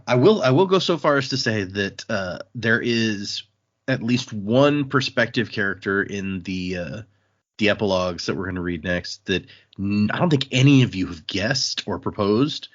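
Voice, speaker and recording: A man hosting a casual book-discussion podcast, his voice sitting on the low side. He chats loosely with his co-hosts and reads listener emails aloud. The audio is muffled and lo-fi. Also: normal speed. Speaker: podcast host.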